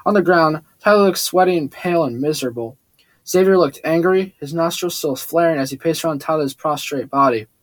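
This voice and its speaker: A man reading a first-person story aloud, steady with occasional slips and restarts. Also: a little high, fairly quick, no echo. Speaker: audiobook narrator. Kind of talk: first-person audiobook narration.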